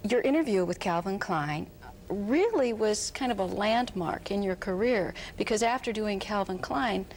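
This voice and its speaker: A woman's voice: mid-range voice, expressive, normal speed, a little mellow, slight background noise. Conversational woman asking interview questions. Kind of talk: broadcast interview.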